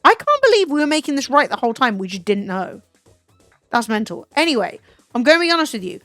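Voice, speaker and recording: Young english girl streaming, swears a lot, jokey, dry mic with soft music behind. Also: on the high side, fast talker, dry recording. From England. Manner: swears freely, animated and jokey. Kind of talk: casual chat.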